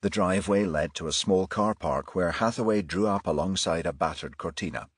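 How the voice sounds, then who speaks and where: A man narrating a crime audiobook in a measured, even storytelling manner. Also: low voice, slightly rough, dry recording, studio quality. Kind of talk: scripted narration.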